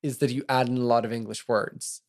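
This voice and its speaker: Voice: mid-range voice, a little fast. A podcast co-host from Norway, chatting enthusiastically and casually. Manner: animated, enthusiastic storyteller. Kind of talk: casual chat.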